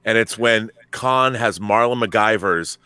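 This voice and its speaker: Man, filmmaker guest, effusive, halting restarts, lower voice, very bright tone. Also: smooth, no room sound. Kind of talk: casual panel chat on a livestream.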